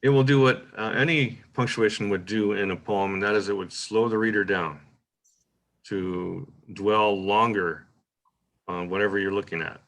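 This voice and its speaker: A man with a fairly low voice and a bright, sharp edge over a rough, gravelly texture. He hosts a poetry workshop and talks through a point on craft in an easy, informal lecture, often tossing in "right?" and trying a sample line aloud several ways. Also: moderate pace. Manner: relaxed, thinking aloud with frequent "uh" and "right?".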